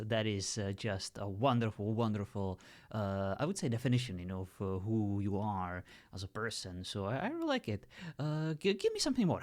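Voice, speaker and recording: A man chatting with an AI, heaping over-the-top praise in a halting way full of fillers. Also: fairly low pitch. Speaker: user testing an AI character. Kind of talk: casual conversation.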